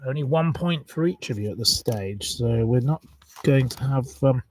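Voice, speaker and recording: A man's voice: mid-range voice, lively intonation, moderate pace, darkish tone, distant mic, low-quality recording. Chatty man hosting a quiz. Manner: chatty and rambling, reeling off long lists. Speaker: quiz host on a live stream. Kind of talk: casual live quiz chat.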